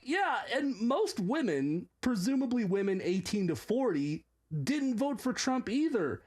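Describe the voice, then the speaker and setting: A man's voice: very high-pitched, big pitch swings, measured pace, darkish tone. A man hosting reaction commentary, sarcastic and mocking. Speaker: commentary host.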